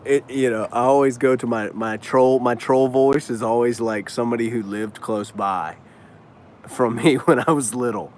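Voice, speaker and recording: A man's voice: mid-range voice, fairly even intonation, moderate pace, a little mellow, slight background noise. A man hosting a casual live stream and answering viewer questions in a loose, slangy way, cussing freely. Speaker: business owner and trainer hosting a live stream.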